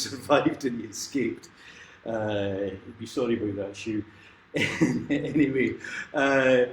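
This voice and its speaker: Between songs on his lockdown livestream, a folk singer chats casually and meanders, laughing often. His voice is medium-pitched, with slight background noise, roomy echo and guitar playing in the recording.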